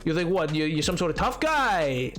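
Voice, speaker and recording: A man's voice: a little high, big pitch swings, fairly bright tone, soft background music, pitched below the performer's own voice. A man putting on the voice of an offended, pushy mobster type who fires off challenging questions. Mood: mock menace. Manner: indignant, rapid challenging questions.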